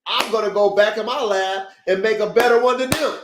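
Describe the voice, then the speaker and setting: A high-voiced man hosting a dog podcast on a livestream, preaching to his listeners in short, repetitive, swear-laden bursts. His voice rings in a roomy, echoey space. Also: brisk, noisy background. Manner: emphatic, preachy, repetitive pep-talk with profanity. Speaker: podcast host, dog breeder. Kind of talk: casual livestream podcast talk. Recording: roomy echo.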